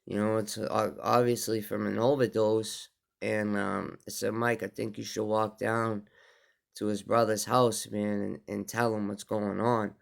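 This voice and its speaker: Low gravelly male storyteller, unhurried, halting with fillers, smooth resonant tone. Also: level tone. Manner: slow, halting, with many fillers and restarts. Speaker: vlogger telling a personal story. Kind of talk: casual spoken storytelling.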